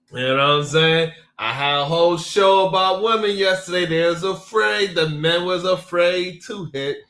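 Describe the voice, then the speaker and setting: Male live-stream host, unhurried and playful, echoey room sound. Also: high-pitched, a bit bright. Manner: greets chatters by name, laughs often, playful. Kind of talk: casual live-stream chat.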